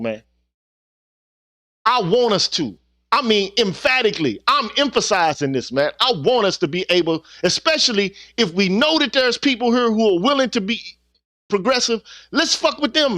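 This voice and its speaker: A middle-aged YouTube vlogger delivers an earnest, preachy, profane monologue to his viewers, ending sentences with "man." His extremely high voice sounds pushed and bright, recorded at studio quality with no echo.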